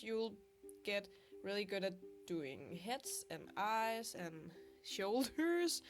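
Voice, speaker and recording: A young woman talks through her drawing in a sick, stuffy voice, chatty and quick to laugh at her own struggles. Her pitch sits in an ordinary middle range. Soft guitar plays faintly behind her. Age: young adult. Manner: chatty, self-deprecating, laughs often. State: sick, congested voice. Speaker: art vlogger. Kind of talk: casual voice-over while drawing. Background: soft guitar music.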